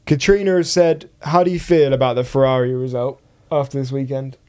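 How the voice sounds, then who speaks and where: A man's voice: mid-range voice, steady tone, a little fast, darkish tone, clear, resonant tone. Young man reading out listener questions. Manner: chatty, reads out listener questions. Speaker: podcast co-host. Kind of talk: casual chat.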